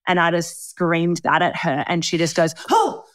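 A woman's voice: on the low side, fairly even intonation, moderate pace, a bit bright, no echo, clean studio sound. A young Australian woman hosting a podcast, telling a story in casual chat with frequent swearing and laughter. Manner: chatty storyteller, swears freely, laughs often. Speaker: podcast host.

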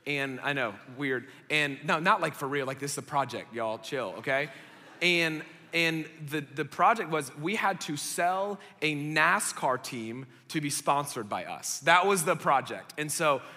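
A young man preaches to college-aged adults in a casual, storytelling way, with quick asides to the crowd. His voice is bright and forceful and sits a little high, and it rings with the long reverb of a church hall. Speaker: pastor.

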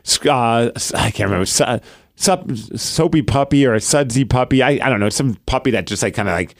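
A man in his thirties co-hosting a casual sports podcast, animated and fond of acting out his little daughter's lines. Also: mid-range voice, fairly quick. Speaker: podcast co-host.

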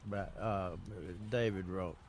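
A man's voice: low-pitched, fairly even intonation, unhurried, crowd noise. An older man co-hosting a gardening radio show, telling rambling stories with lots of fillers and chuckles. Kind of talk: casual radio chat.

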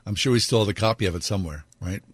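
A male radio host chatting in an easygoing way. His voice is a little husky. The studio sound is dry. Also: lowish voice, rapid-fire, dry recording. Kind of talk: casual chat.

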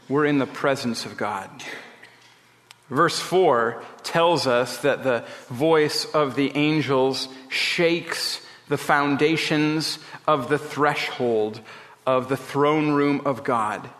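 A man preaching a sermon as a pastor, slow and emphatic with dramatic pauses. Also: medium pitch, fairly bright tone, in a large hall. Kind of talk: radio sermon.

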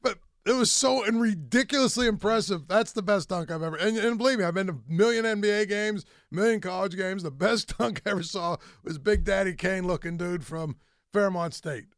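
Smooth-voiced man telling sports stories. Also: high-pitched, brisk, dry recording, clean studio sound. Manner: animated storyteller, excitable. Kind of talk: casual sports talk.

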